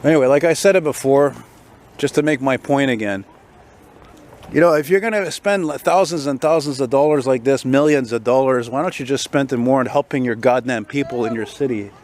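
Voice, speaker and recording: A tired, unwell man walks a city street with a handheld phone, ranting and rambling for a vlog. His voice is medium in pitch and darkish in tone, and he speaks a little fast.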